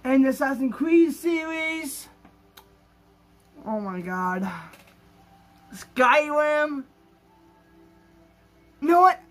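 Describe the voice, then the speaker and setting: Gaming vlogger, male, high voice, slow, gushing and rambling with excitement. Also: faint music behind. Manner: gushing and overexcited, rambling with restarts. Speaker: gaming YouTuber. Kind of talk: excited gaming vlog talk.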